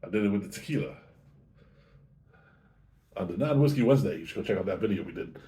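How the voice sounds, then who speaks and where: Casual male host for a tasting review, warm low-key delivery, chatty and unhurried. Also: animated. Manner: chatty, easygoing, self-correcting.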